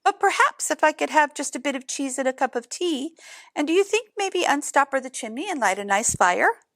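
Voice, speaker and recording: A woman's voice: sits high, animated, a little fast, fairly bright tone, dry recording, studio quality, voice pushed up. A woman voicing a small, polite gray male mouse in a storybook read-aloud, speaking in a genteel, apologetic way.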